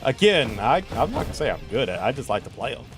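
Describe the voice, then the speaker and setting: A man's voice: medium pitch, very animated, quick pace, soft background music. A man hosting a casual gaming stream, playful and teasing as he chats with viewers while playing. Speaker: streamer host.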